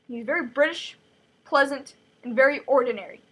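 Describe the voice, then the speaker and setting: Brief: bright, high-voiced woman, chatty book recap, jokey asides. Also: normal speed, poor audio. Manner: chatty, joking, lots of fillers like "like". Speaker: host retelling a book chapter.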